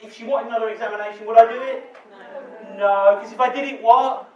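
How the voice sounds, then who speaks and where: A male midwife tells a candid, joking story to a live audience in a hall, his voice very high-pitched, fast, and fairly even in intonation with a darkish tone. The recording is muffled and echoey, picked up by a distant mic, with audience laughter in the background.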